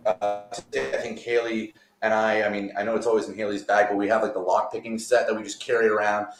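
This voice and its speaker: A man's voice: lowish voice, flat delivery, fast talker, faint music behind. A man as a guest magician, telling rambling stories in a laid-back way over a remote call from a borrowed apartment. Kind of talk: casual interview chat. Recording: roomy echo.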